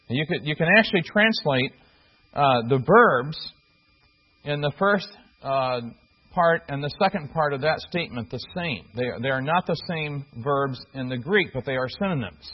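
Husky preacher man, lo-fi sermon. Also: medium pitch, lively intonation. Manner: earnest, halting with fillers and restarts. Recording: dull lo-fi recording.

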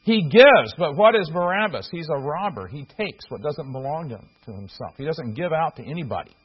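A man preaching a sermon, earnest and halting, with frequent fillers and restarts. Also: on the high side, sing-song, breathy edge. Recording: dull lo-fi recording.

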